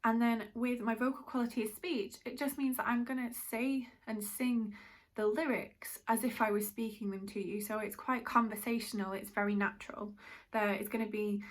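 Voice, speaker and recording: A woman's voice: a little high, fairly even intonation, moderate pace. A woman from Britain, teaching a musical theatre masterclass in a chatty, explanatory way. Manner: chatty, explanatory, self-aware. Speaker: drama teacher.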